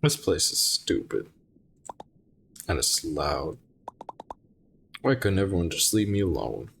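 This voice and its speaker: A man plays a video game and reads the dialogue aloud, playfully trying out voices for the characters. His voice is very deep and his delivery slow. A faint hiss sits in the background. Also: big pitch swings, creaky, a bit bright. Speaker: gaming streamer. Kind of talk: reading game dialogue aloud during a playthrough.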